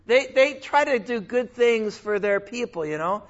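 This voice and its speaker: A man with a high voice preaching a sermon, chatty and animated, often breaking off into asides. The recording is slightly dull and lo-fi, which softens the crisp edges of his speech. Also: moderate pace, few pauses. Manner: conversational, animated with asides and laughs. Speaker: pastor.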